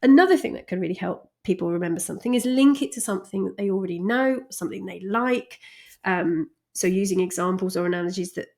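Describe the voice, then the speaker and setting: A woman teaching a communication lesson, chatty and quick to laugh, stressing key words. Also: medium pitch, gravelly, darkish tone. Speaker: communication coach. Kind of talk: recorded lesson.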